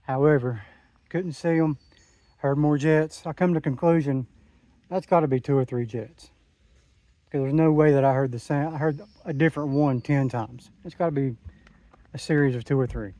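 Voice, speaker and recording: A man's voice: a little high, normal speed, dark tone, dry recording, dull audio. A man, talking in a rambling, enthusiastic way into his phone while out hiking a mountain trail. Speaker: hiking vlogger. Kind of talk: casual trail vlog. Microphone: phone camera.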